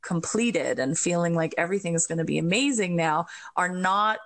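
A woman's voice: fairly low pitch, moderate pace, fairly bright tone. A woman who works as a doula, hosting a casual conversation in a thoughtful, rambling way. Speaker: podcast host, birth doula.

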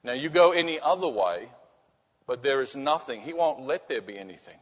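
A middle-aged pastor preaches a sermon, telling a personal story and repeating his key phrases softly. His voice rings through a large hall with a long reverb. The recording is somewhat dull and muffled. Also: medium pitch, normal speed, breathy edge. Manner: storytelling, repeats phrases for emphasis, drops to soft.

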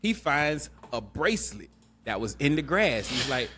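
Animated, laughing man recapping a movie. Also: medium pitch, moderate pace, slight background noise. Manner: animated, laughing, profane storytelling. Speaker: podcast host. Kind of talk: casual chat, movie recap.

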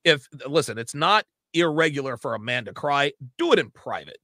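A man's voice: mid-range voice, big pitch swings, normal speed, sharp tone, no echo, clean studio sound. A man hosting a podcast, chatting casually in a blunt, profane way. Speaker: podcast host.

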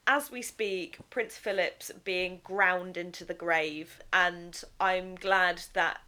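A woman co-hosts a comedy podcast with a dry, wry and playful delivery. Her voice is bright and crisp, with some edge to it. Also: lowish voice, steady tone, slow. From Maidenhead, England. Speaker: podcast co-host. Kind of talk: casual comedic chat.

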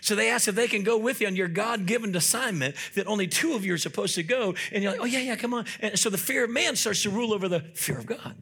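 High, bright-voiced preaching man. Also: fast, creaky, few pauses, slightly rough. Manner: fervent preaching with repetitions and rising emphatic shouts; acts out little scenes with quoted voices. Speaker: pastor. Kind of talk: sermon.

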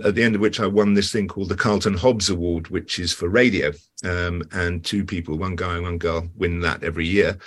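A man's voice: deep voice, fairly bright tone. A man, an actor, chatting in an interview and telling stories with lots of asides and restarts. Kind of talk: casual interview chat.

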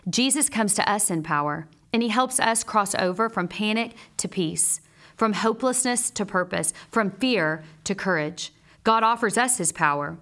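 A woman and mother teaching a Bible lesson in a measured, earnest way, mixing scripture with personal stories. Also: medium pitch, a bit bright.

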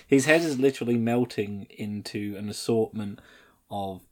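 A man's voice: lowish voice, moderate pace. A man casually recapping a horror film, joking dryly and swearing a lot. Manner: dry, sarcastic jokes, heavy swearing. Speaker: podcast co-host.

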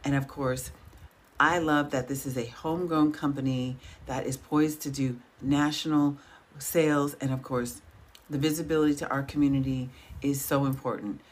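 A woman hosting an interview over a video call, telling stories in a lively way and laughing often. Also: very deep voice, moderate pace. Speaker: host.

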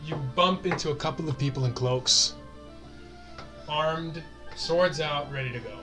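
Male game master, vivid scene narration, slightly high voice, background music clearly audible. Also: a little slow. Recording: music playing under the voice.

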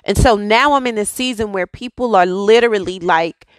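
A woman's voice: mid-range voice, normal speed, dry recording, poor audio. A woman in her thirties hosting a devotional podcast, telling a personal testimony in a conversational way and often checking in with "okay?". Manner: storytelling, conversational, emphatic "okay?" asides.

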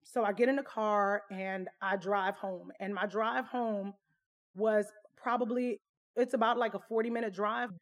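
A woman's voice: medium pitch, steady tone, unhurried. A woman casually telling a personal story to camera, candid and conversational. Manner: candid, conversational, full of fillers.

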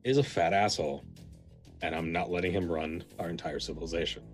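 Man plays a tiny, sulky, tired emperor in a tabletop game; low, sighing, profane mumble. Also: steady tone, brisk, soft background music, natural voice. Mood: gloomy. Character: sulky weary three-foot alien emperor.

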